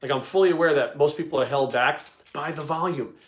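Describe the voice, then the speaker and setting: A man hosting a casual fitness livestream, talking bluntly with lots of swearing. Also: a little high. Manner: blunt, profane, rapid talk.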